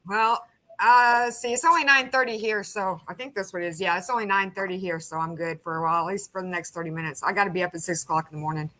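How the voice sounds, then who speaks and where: A woman's voice: on the low side, fast, bright, forceful tone. A woman raised in Texas, a guest in a casual live chat, telling folksy jokes and drawing out Southern lady voices.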